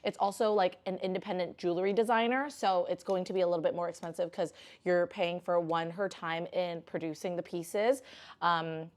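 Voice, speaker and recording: A young woman vlogging a jewelry unboxing in a chatty, rambling way, breaking into squealing bursts of excitement. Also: lowish voice, normal speed. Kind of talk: casual unboxing vlog.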